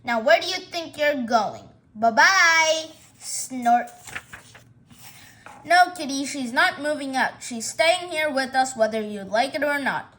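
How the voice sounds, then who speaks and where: A woman voicing a patient pet owner who gently scolds and explains. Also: high voice, lively intonation, takes it slowly, heavily acted. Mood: scolding.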